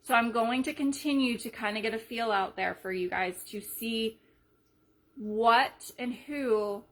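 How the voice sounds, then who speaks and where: A woman leading a sales team in a casual live video, chatty and energetic, retelling conversations as she goes. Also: on the high side, unhurried. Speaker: team leader.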